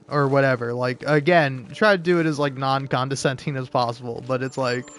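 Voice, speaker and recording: A man's voice: medium pitch, steady tone, a little fast, hardly any pauses, fairly bright tone, slight background noise. A man giving casual gameplay commentary, rambling and swearing a lot, laughing often as he builds into mock outrage. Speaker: gaming video creator.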